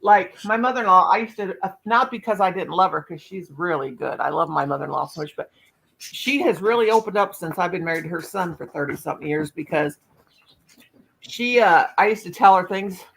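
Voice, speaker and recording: A woman's voice: fairly low pitch, animated, fairly quick, gravelly, a bit bright, breathy edge, poor audio. A woman in her fifties hosts a live stream with casual, unfiltered chat. She rambles through candid stories and speaks bluntly, with no care for who might be offended.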